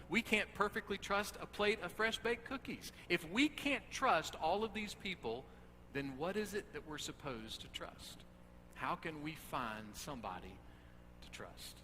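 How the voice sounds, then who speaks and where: A young man preaching a sermon, lively and dramatic as he retells scripture aloud. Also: medium pitch. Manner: animated, dramatic readings of scripture. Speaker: pastor. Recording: echoey hall with faint hum.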